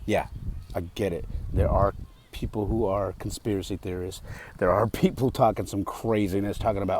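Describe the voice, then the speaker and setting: A man's voice: fairly low pitch, fairly even intonation, moderate pace, darkish tone, slight background noise. A man hosting a podcast, telling a story in a casual, emphatic monologue full of fillers. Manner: emphatic, heated, with frequent fillers. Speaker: podcast host.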